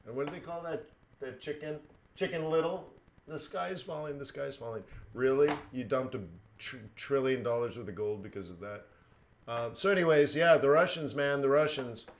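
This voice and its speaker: A man's voice: mid-range voice, normal speed, a little hiss or hum. Man, live stream host, casual rambling chat, lots of ums, chuckles now and then. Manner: rambling, filler-heavy, chuckling asides. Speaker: forex trading live streamer.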